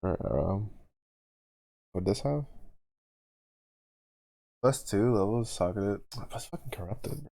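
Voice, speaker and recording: A man's voice: on the low side, expressive, takes it slowly, gravelly, pauses often, warm tone. A man streaming a game live, chatting casually with his viewers, swearing and teasing them. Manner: profane, teasing banter with chat. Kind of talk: casual live-stream chat while gaming.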